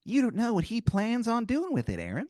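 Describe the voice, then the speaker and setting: A man voicing a grinning cartoon tooth creature who tempts with high, wheedling promises. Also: wildly swooping pitch, a little fast, a little mellow, no echo, studio quality, heavily acted.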